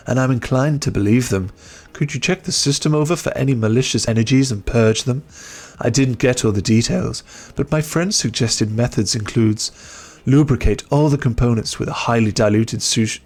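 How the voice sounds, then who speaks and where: A man's voice: medium pitch, darkish tone, natural voice. A man reading out an email as an earnest new-age hippie woman customer, in a mild put-on hippie voice.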